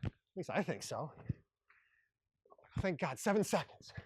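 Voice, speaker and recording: Upbeat, joking fitness instructor. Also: male voice, fairly high pitch, sing-song, unhurried, breathy edge. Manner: upbeat, joking, breaks off mid-sentence. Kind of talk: coaching a workout class. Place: exercise room.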